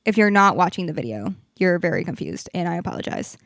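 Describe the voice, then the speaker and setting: A woman's voice: fairly low pitch, fast, creaky, few pauses, dry recording, clean studio sound. A young woman hosting her own podcast, talking candidly and venting with frequent swearing. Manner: frank and profane, animated venting. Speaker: podcast host. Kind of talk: candid solo podcast chat.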